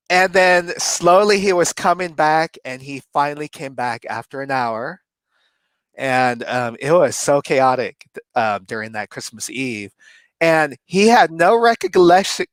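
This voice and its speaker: A man co-hosting a relaxed conversation tells a story in a lively way, often laughing mid-sentence. His voice sits somewhat high for a man. The sound is dry and close, with no room echo. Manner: animated, laughs often while telling. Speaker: co-host. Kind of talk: casual storytelling chat.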